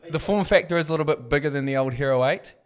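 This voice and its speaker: Easygoing quick New man. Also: on the high side. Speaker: podcast guest. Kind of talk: casual chat.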